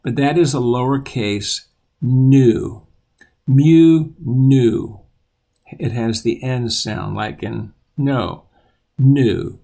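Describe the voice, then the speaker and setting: A man teaching children the alphabet, patiently repeating each letter aloud in a steady voice. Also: medium pitch, slow, creaky.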